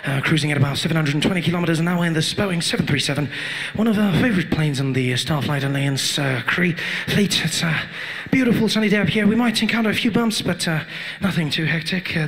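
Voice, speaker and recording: A man playing a calm male airline pilot, giving an unhurried routine announcement full of uhs, in a stand-up act-out. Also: on the high side.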